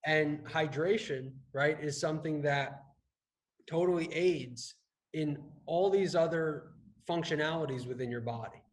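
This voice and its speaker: On a poorly recorded business podcast, a man who coaches fitness and health talks casually, a little slowly, in a slightly high voice. He rambles, keeps starting over, and tacks "right?" onto his sentences.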